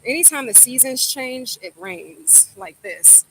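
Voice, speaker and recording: A woman's voice: fairly high pitch, expressive, measured pace, vocal fry, noisy background. A woman chatting casually with viewers on a live stream, walking in from the rain and then talking at home, a bit out of breath. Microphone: phone camera.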